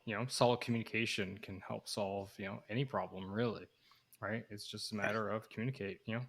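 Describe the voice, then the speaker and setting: A man with a low, gravelly voice hosts an interview. He speaks loosely and casually, with frequent fillers. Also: steady tone, brisk, fairly bright tone. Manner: loose phrasing with many fillers. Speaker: podcast host.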